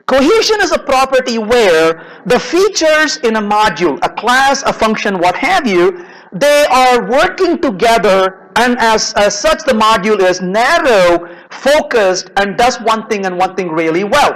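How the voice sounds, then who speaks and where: Animated man telling stories on stage. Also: high-pitched, measured pace, low-quality recording. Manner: animated storyteller, acts out dialogue. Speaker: conference speaker. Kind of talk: technical talk with personal anecdotes.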